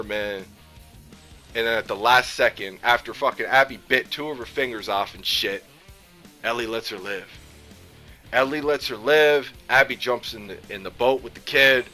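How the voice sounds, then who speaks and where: A man ranting about a video game, heated and profane, swinging between loud outbursts and low muttering. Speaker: gaming YouTuber. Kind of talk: angry game rant.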